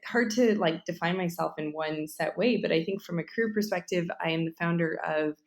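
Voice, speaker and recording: A woman from Western Canada speaks as a podcast guest, friendly and measured, pausing on little ums. Her voice sits low and carries a gravelly, fry-filled edge. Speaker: podcast guest, company founder. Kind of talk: casual interview.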